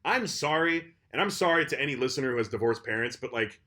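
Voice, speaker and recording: A man's voice: mid-range voice, animated, quick pace, sharp tone. A young man co-hosting a casual podcast chat, swearing freely and breaking into mocking impressions. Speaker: podcast co-host.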